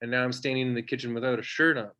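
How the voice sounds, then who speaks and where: A man's voice: medium pitch, level tone, racing, bright, forceful tone. A man in his thirties doing a rambling, self-deprecating stand-up set from his home over a video call, with lots of fillers. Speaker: stand-up comedian.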